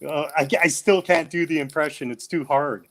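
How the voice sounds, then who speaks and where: A man co-hosting a casual podcast chat, playful and quick to laugh. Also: a little high. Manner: laughs easily, lively and playful. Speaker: podcast co-host.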